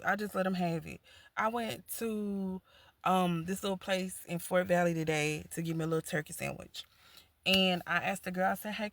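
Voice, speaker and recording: Man, high gravelly voice, relaxed chat, dry close sound. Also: dry recording. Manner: easygoing, laughing off annoyances, self-reflective. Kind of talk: casual chat.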